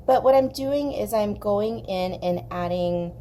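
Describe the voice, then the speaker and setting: A young woman from southern California, hosting an art channel, telling a long story in a chatty, animated way while she colors. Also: mid-range voice, measured pace, a little hiss or hum. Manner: chatty, animated, acts out quoted voices.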